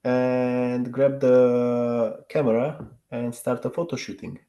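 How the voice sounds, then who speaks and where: Slow, mellow-voiced male student. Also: mid-range voice, fairly even intonation. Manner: hesitant, searching for words. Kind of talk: describing pictures in a lesson. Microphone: video call.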